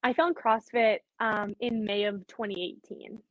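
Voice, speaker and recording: A woman's voice: a little high, fairly even intonation, unhurried, dry recording, phone-quality sound. A young woman from Canada with a light Canadian accent, a guest in casual chat, saying "like" a lot. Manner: casual, heavy use of "like", quotes herself. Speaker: podcast guest, athlete.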